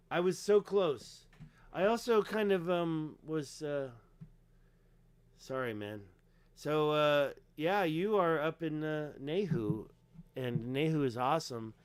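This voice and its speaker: Man, livestream chat, rambling, excitable, slightly high voice, dry close sound. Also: clean tone, no echo. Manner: excitable, emphatic, rambling with fillers. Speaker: livestream host.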